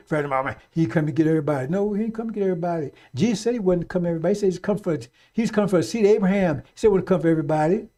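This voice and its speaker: A man's voice: high voice, rapid-fire, few pauses, dark tone. A middle-aged man giving a fiery, off-the-cuff radio sermon, blunt and profane, repeating his warnings over and over. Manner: blunt, profane, repetitive exhortation. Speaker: radio preacher.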